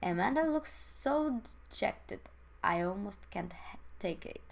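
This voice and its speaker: A non-native English-speaking woman reading a visual novel aloud as a let's play host, in an expressive way. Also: unhurried, vocal fry, a little hiss or hum. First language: not English. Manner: expressive, swings pitch between characters. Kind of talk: reading game text aloud.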